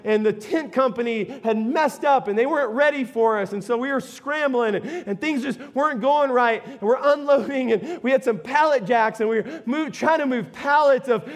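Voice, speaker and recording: Middle-aged man, pastor, very high-pitched, animated conversational sermon with sudden shouts. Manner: animated, conversational, asks the congregation questions, bursts into shouts. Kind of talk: sermon with personal story.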